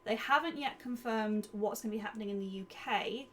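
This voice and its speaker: A woman co-hosting a podcast in casual chat, lively and quick to laugh. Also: mid-range voice. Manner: lively, chatty, laughs often. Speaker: podcast co-host. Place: home. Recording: faint background noise.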